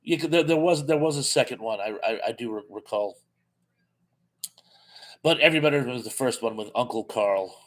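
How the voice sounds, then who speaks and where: A man hosting a live chat, reading out viewer comments and answering them in a casual, chatty way with many pauses and fillers. He is losing his voice. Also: medium pitch. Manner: reads viewer comments aloud and responds, chatty with frequent "uh".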